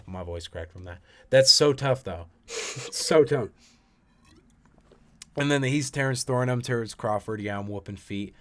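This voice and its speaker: A young man giving casual, excitable commentary, often swearing and swinging from loud bursts to quiet mumbles. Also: fairly low pitch, moderate pace. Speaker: commentator reacting to music. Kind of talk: casual commentary reading lyrics aloud.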